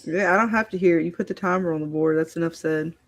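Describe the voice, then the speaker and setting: A woman's voice: on the low side, fast talker. A woman co-hosting a casual live stream, agreeable, often answering with short affirmations. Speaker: co-host.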